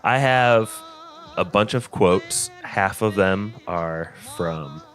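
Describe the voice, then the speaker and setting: A man with a Northern Indiana accent hosts a casual podcast chat. His voice sits a little low, and he runs a quiz with lively energy, breaking into laughs between explanations. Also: slow, faint music behind. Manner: energetic, laughs often while running a game. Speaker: podcast host.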